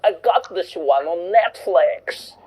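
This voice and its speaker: A man's voice: high-pitched, expressive, takes it slowly, dark tone, slightly rough, low-quality recording. Sarcastic male comedy host. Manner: sarcastic, acts out voices for punchlines. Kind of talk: scripted stand-up commentary.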